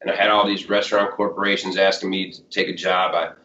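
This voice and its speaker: Chicago-accented man, fifties, loose rambling interview guest, lowish voice, muffled lo-fi take. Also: level tone, fast, sharp tone. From Chicago area. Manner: rambling, full of "like" and "you know". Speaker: blues musician guest. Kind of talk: casual storytelling interview. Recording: roomy, dull lo-fi sound.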